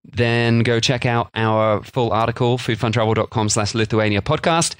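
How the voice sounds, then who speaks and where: A man talks through food history on a casual podcast, jokey and rambling. His voice sits at a medium pitch. The recording is dry and close. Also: steady tone, normal speed, clear, resonant tone, no echo. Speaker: podcast co-host.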